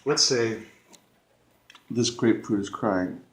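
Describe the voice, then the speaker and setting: Earnest male vlogger, unhurried and emphatic, mid-pitched, roomy echo. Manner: slow, earnest, with emphatic repetitions. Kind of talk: reflective talk to camera.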